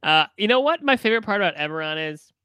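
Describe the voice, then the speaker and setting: A man's voice: sits high, expressive, fast, pushed and bright, smooth, no room sound. A man hosting a casual chat over a video call, blunt and teasing. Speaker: podcast host.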